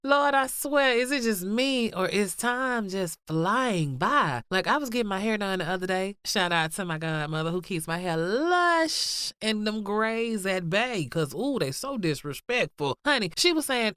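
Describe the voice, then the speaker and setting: A woman hosts her podcast with sassy, playful energy, her pitch jumping all over as she chats and laughs. Her voice sounds a little stuffy and nasal from the cold. The recording is close and dry, with no room sound around her. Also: expressive, moderate pace, hardly any pauses, a bit bright, clear, resonant tone, dry recording. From Georgia, US. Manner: sassy, playful, laughs often, drawls endearments. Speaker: podcast host. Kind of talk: casual chatty podcast intro.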